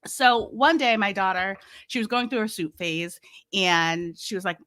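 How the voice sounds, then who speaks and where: Bright-voiced Massachusetts woman telling stories. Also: mid-range voice, normal speed. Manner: lively storyteller, laughs often, acts out quotes. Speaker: podcast host and guest. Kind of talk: casual interview chat.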